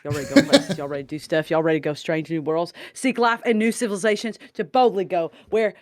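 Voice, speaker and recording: A man's voice: high-pitched, animated, quick pace, dry recording, voice pushed down. A man voicing a drawling, rousing cowboy-style space hype man with a put-on American Southern accent. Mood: hyped.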